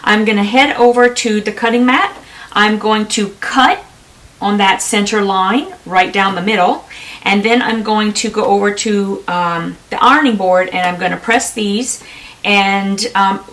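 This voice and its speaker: A middle-aged woman talks her viewers through a quilt block in a relaxed, homey way. She fills pauses with ums and laughs easily at her own slips. Her pitch sits in an ordinary middle range. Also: far from the mic. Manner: chatty, many ums, laughs at herself. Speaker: quilting vlogger. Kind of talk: casual sewing tutorial chat.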